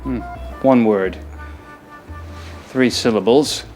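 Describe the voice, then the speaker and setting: An actor playing an officious, earnest male police detective, formal and deliberate in a sitcom. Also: medium pitch, soft background music, close to an everyday voice. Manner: formal, animated, slow and deliberate. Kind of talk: sitcom acting.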